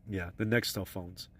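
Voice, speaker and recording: A man's voice: low-pitched, fairly bright tone, no echo. A man rambling casually and crudely on a live stream, talking into his phone. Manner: crude, meandering, offhand.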